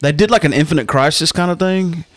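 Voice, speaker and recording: Relaxed rambling male podcast host. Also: fairly high pitch, fast, no echo. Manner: relaxed, rambling, many fillers. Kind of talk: casual chat.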